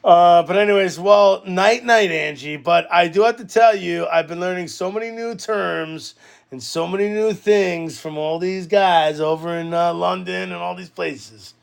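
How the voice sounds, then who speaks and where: A man, co-hosting a podcast and telling a story in casual chat, animated and swearing a lot. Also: high-pitched, a little slow, gravelly, smooth. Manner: animated, swears a lot, loudly acts out quoted arguments. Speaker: podcast co-host.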